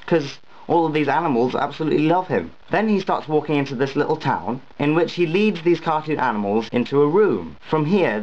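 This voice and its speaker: A teenage young man, telling funny stories in a casual, wry vlog. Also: mid-range voice. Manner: chatty, wry storytelling. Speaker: vlogger. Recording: dull lo-fi home recording.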